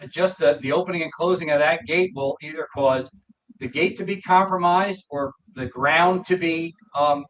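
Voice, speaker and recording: Halting man on a dull distant line. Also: on the high side, fairly bright tone, slight background noise. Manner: halting, many restarts and fillers. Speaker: guest, gate product maker. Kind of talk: explaining a product on a show.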